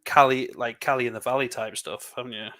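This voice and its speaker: A man's voice: mid-range voice, steady tone, crowd noise. A man from England with an English accent, chatting and rambling casually while building LEGO on a livestream. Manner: chatty, rambling, quick laughs. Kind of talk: casual chat.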